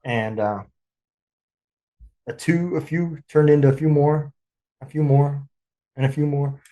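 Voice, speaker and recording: A man hosting a casual interview chat, laid-back and quick to laugh along. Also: on the high side, steady tone, warm tone. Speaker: podcast host, veteran.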